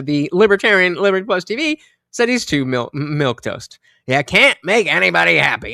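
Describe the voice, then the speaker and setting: A man's voice: a little high, gravelly, bright, forceful tone, dry recording. A man casually commenting on clips during a live stream, rambling with lots of fillers and restarts.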